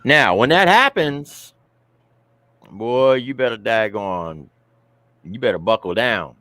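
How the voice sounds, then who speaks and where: A man's voice: mid-range voice, expressive, slow, bright, forceful tone, no echo. A man chatting as a guest on a live stream in a folksy, emphatic way. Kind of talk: casual live stream chat.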